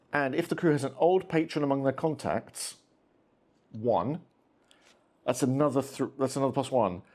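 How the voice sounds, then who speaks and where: Speaking in a warm, mid-range voice, a man runs a solo tabletop wargame and chats casually as he plays. Between dice rolls, he talks to his cats.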